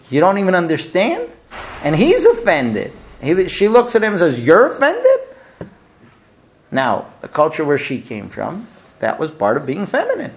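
Animated man telling marriage anecdotes. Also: a little high, creaky. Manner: animated storyteller, frequent fillers and restarts. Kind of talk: lecture with anecdotes.

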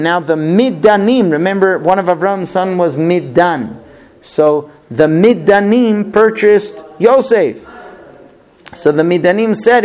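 A man's voice: high-pitched, unhurried, a little mellow. A man earnestly retelling a scripture story, dramatic and now and then correcting himself.

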